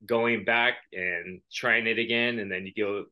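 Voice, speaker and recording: A man's voice: on the low side, fairly even intonation, measured pace, highs cut off. A man co-hosting a podcast, talking reflectively in casual chat and telling personal stories. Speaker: podcast co-host.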